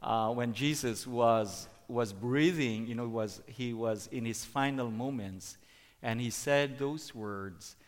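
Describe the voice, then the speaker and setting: A middle-aged man giving a sermon as a preacher, halting, with many fillers and restarts. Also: medium pitch. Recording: long hall reverb.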